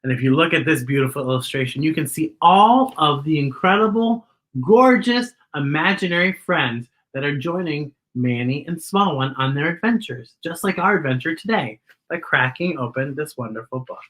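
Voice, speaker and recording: Woman storytime host with a bright voice, expressive read-aloud delivery, talks right to the kids. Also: low voice, normal speed. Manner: expressive, speaks to children directly.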